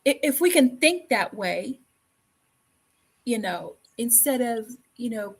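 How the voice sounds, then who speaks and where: A woman's voice: fairly high pitch, expressive, slow, long pauses, slightly rough, poor audio. A woman hosting a talk show, speaking earnestly with repeated phrases and many fillers. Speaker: podcast host. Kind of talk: conversational talk show chat.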